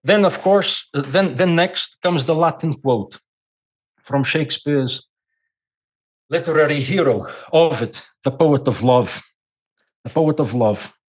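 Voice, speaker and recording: A man's voice: on the high side, unhurried. A man from Portugal with a Portuguese accent, a non-native English speaker, explaining at length as a podcast guest and often repeating words as he thinks. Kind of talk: podcast conversation.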